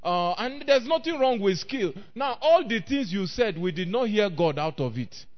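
A man preaching a sermon, reading old-scripture and rising to shouts. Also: high voice, sing-song, normal speed. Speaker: pastor. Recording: dull lo-fi recording.

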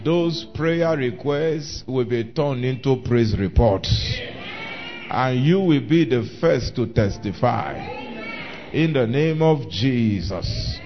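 A man's voice: mid-range voice, lively intonation, takes it slowly. A man preaching a sermon, repeating phrases for emphasis and asking the congregation questions. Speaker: pastor. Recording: dull lo-fi recording with faint music.

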